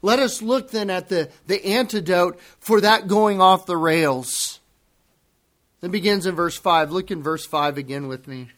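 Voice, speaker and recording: A male pastor preaching a sermon to his congregation, emphatic and deliberate, repeating key phrases for weight. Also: sits high, a bit bright.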